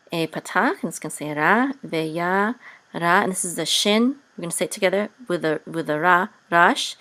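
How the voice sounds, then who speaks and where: A woman teaching Hebrew reading over a video call, patient and hesitant with many pauses, now and then chanting words in a sung tone. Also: lowish voice, a bit bright.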